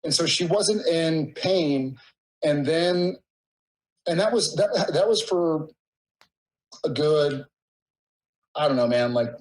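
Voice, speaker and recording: A man's voice: fairly high pitch, slow, long pauses, darkish tone, low-quality recording. Emotional man telling a rambling story. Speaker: podcast guest. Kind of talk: casual conversation.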